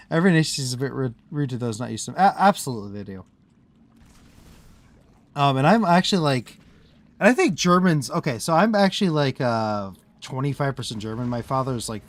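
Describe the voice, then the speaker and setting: A mid-range male voice offers casual live-stream commentary over a game. He's from the US Midwest and wanders from topic to topic, dropping thoughts halfway and laughing a lot.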